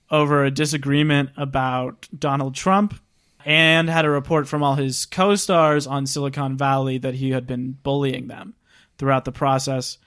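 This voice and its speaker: A man co-hosting a podcast speaks in a slightly high, fairly bright voice with a clear, resonant tone. He casually recounts background stories about the production in a chatty, informal way, using lots of filler "like."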